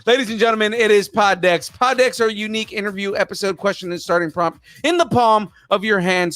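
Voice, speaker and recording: A man hosts a casual podcast, rambling and excitable as he hypes sponsors and jokes around. His voice sits fairly high, and the recording is close and dry. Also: no room sound. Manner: excitable, rambling, laughs easily. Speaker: podcast host.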